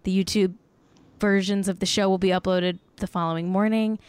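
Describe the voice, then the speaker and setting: A woman's voice: medium pitch, steady tone, moderate pace, darkish tone, clear, resonant tone, no echo. A young woman hosting a podcast from her desk at home over a video call, chatting casually and frankly, swearing freely and saying "like" a lot. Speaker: podcast host. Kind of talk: casual chat.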